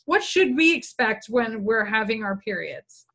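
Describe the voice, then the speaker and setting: A woman with a high, bright, sharp-edged voice hosts a relaxed podcast conversation. She talks candidly and with plenty of animation, laughing freely and dropping the odd swear word. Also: a little slow. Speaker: podcast host. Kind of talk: casual conversational interview.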